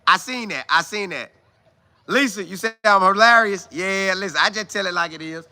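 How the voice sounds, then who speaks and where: A man's voice: sits high, normal speed, pushed and bright. A man hosting a casual live stream, reading viewer comments aloud and talking straight to his audience with exclamations and repeated phrases for emphasis. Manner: talks straight to viewers, calling them y'all.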